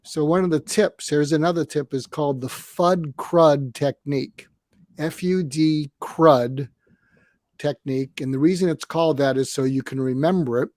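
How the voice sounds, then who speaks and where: Calm man in his seventies, dry close sound. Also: on the high side, moderate pace, hardly any pauses, dry recording. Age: 70s. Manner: calm, explanatory, acts out example dialogues. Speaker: guest psychiatrist and coach. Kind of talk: conversational advice on a podcast.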